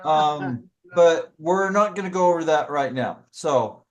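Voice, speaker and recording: A man with a somewhat high voice leads a relaxed scripture study group. He explains points in a halting way, stops partway through his sentences and corrects himself as he works through his notes. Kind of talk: casual scripture study discussion.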